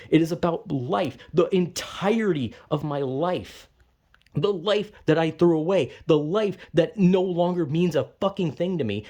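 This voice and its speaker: A man venting angrily in a monologue, cursing often and calling himself melodramatic, swinging between heated outbursts and low, weary muttering. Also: darkish tone. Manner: angry, profane and self-described melodramatic. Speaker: vlogger.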